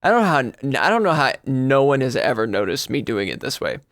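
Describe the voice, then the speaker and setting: A man's voice: medium pitch, sing-song, quick pace, gravelly, a bit bright, no room sound. Rambling male podcast co-host, dry sound. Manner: rambling, self-correcting storyteller. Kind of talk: casual chat.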